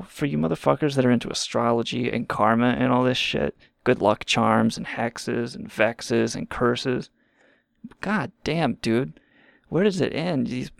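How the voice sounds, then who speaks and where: A man's voice: mid-range voice, creaky, no echo, studio quality. A man hosting a show, ranting in a rambling, sarcastic and profane way. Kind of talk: casual comedic rant.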